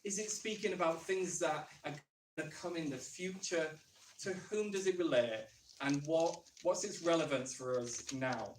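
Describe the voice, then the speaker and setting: A man's voice: a little high, moderate pace, a little hiss or hum. A man with a Northern English accent giving a sermon in a conversational way, posing questions as he thinks aloud. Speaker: preacher. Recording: echoey church room from far off.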